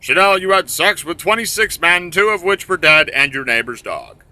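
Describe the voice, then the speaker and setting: A man's voice: high voice, expressive, normal speed, pushed and bright, dry recording, pitched above the performer's own voice, full character voice. A man voicing a smug male talk-show host, mock-serious.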